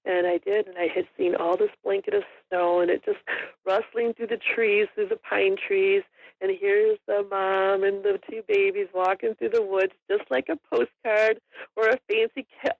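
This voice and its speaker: A middle-aged woman chats as a podcast guest, her voice carrying a gravelly rasp. She rambles along with frequent ums and small laughs. The audio is dry, close and a little muffled. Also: medium pitch, fairly even intonation, normal speed, no room sound. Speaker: guest, hunter and store owner. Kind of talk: casual storytelling in an interview.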